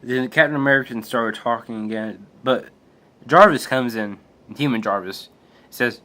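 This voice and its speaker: A man's voice: medium pitch, moderate pace, sharp tone. A man casually retelling a comic book aloud, hesitant with restarts and fillers. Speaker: comic book reader and reviewer.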